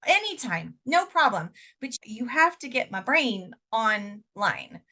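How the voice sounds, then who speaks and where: A woman's voice: a little high, very animated, slow pace, pushed and bright. A woman co-hosting a podcast, talking bluntly and emphatically in casual chat and swearing freely. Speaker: podcast co-host.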